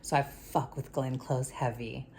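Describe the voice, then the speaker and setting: Low-voiced woman recapping a show, slangy. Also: steady tone, a little slow, warm tone, slight background noise. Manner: rambling and slangy, with many fillers. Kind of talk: casual spoken show recap.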